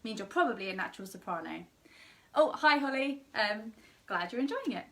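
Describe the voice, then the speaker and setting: A woman's voice: on the high side, animated, brisk, a bit bright, recorded from a distance. A young woman teaching an online singing lesson with a slightly tired voice, explaining and demonstrating sung vowels.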